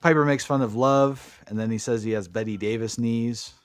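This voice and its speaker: A man's voice: medium pitch, steady tone, normal speed, clean tone, no echo, soft background music. A man co-hosting a podcast, recapping wrestling matches in a casual, profane, enthusiastic play-by-play way. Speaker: podcast co-host.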